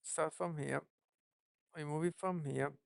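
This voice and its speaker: Very gravelly voice thinking aloud while coding. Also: medium pitch, fairly even intonation, dry recording, clean studio sound. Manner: musing, self-questioning, unhurried. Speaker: app developer streaming live.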